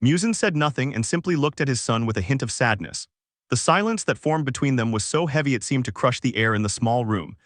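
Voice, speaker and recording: A man reading a fan fiction story aloud in a steady, even storytelling voice. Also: medium pitch, fairly quick, no echo, studio quality. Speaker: fanfic narrator. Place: voice-over over game footage.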